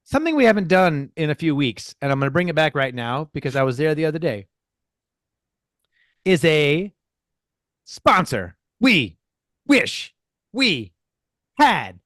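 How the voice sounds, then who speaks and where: Casual podcast co-host, male, playful and excitable, lively pitch, higher voice, dry close sound. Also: a little slow, pauses often, no room sound. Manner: playful, excitable, stumbles over names.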